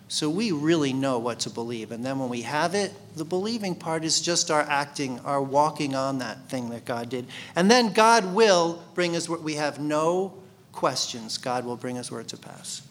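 A man's voice: a little high, expressive, normal speed, fairly bright tone. A man teaching a Bible study sermon in a conversational way, asking his listeners questions. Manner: conversational, asks the congregation questions.

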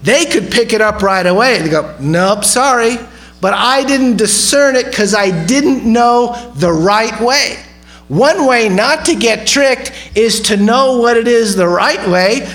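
Guy preaching to a small fellowship, high voice, chatty and keeps asking the room stuff. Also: expressive, a little slow, a bit bright, soft background music, poor audio. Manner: conversational, asks the audience questions. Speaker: pastor. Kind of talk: sermon.

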